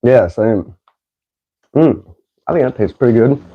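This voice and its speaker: A man's voice: mid-range voice, lively intonation, a little slow, breathy edge, dull audio. A man hosting a casual podcast, doing a food taste challenge, laughing often and swearing casually. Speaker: podcast host.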